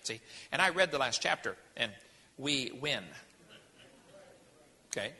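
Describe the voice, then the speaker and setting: A man's voice: medium pitch, animated, a little slow, pushed and bright, long reverb tail. A man giving a folksy, emphatic sermon-style lecture. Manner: folksy, emphatic, jokey preaching. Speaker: creationist speaker.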